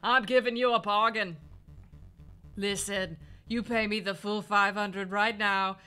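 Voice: medium pitch, fairly even intonation, measured pace, sharp tone, faint music behind. A player voicing a shady, impatient male crocodile dealer while reading a game aloud. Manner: gruff, impatient, wheeling-dealing. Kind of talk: reading a game aloud, doing character voices.

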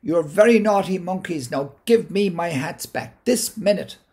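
An Irish man playing a tired, quick-to-anger hat maker who speaks to some monkeys. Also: sits high, mellow, pitched above the performer's own voice. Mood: scolding. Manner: pleading then scolding. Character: weary travelling hat maker, a grown man, short-tempered.

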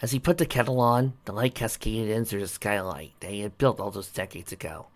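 Low-voiced man reading a story aloud. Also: a little fast. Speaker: reader.

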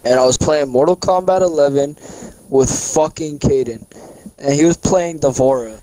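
A young man co-hosting a casual podcast chat tells a long, rambling story packed with swearing and fillers. His voice is a little high and mellow, at a moderate pace. The audio is poor, with no room sound.

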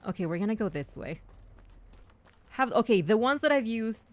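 A young woman streamer giving casual, excitable commentary on her own gameplay, chatty and repeating herself as she talks to her teammates. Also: a little high, normal speed, a little hiss or hum. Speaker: gaming streamer.

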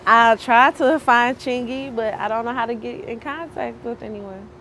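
A woman's voice: a little high, steady tone, normal speed, noisy background. Young woman rapper from St. Louis. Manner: casual, brief answers, rhythmic freestyle delivery. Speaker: aspiring rapper. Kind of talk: street interview with a freestyle rap.

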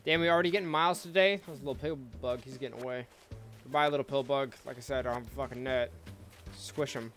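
A man at a medium pitch talks casually over a video game, relaxed and loose, dropping swear words and asides to his viewers. Soft game music plays faintly behind him. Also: fast talker. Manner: laid-back, swears freely, chatty asides to viewers. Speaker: let's play host. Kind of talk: casual gameplay commentary.

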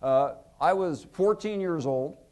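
A man in his fifties, an author telling anecdotes to an audience at a museum event, acting out quotes with lively pitch and volume. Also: slow. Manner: animated, acts out quotes with lively shifts in pitch and loudness. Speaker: author giving a book talk.

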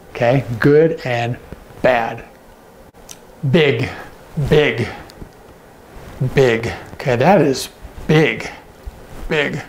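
A man's voice: fairly high pitch, creaky, slight background noise. A man teaching sign language, patiently naming each word and checking in with the viewer. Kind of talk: instructional demonstration.

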